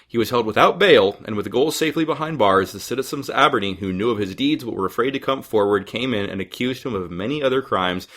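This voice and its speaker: A man's voice: mid-range voice, quick pace, hardly any pauses, a bit bright. A male podcast host reading local history notes aloud in a casual chat, dropping dry, teasing asides.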